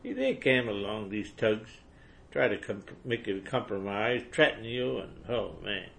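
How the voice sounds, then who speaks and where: A man reading scripture aloud and breaking off into fervent preaching commentary. He repeats words as he goes and builds to forceful emphasis. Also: on the low side, big pitch swings, unhurried, vocal fry.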